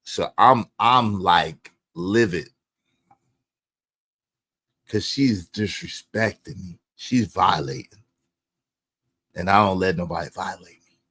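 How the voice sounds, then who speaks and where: A man telling a personal story in profane street slang, swinging between low mutters and loud outbursts. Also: takes it slowly, long pauses, slightly rough. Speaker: podcast storyteller. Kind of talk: animated storytelling.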